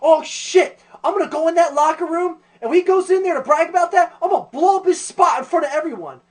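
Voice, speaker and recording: A man voicing an indignant young male fighter pilot who shouts in outrage. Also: extremely high pitch, fast talker, voice pushed up. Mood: outraged.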